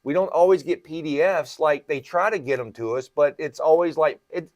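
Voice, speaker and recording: A man's voice: fairly high pitch, normal speed, darkish tone, no echo, dull audio. A man hosting a podcast as a comic shop retailer, explaining things at length in casual chat and often checking in with "right?".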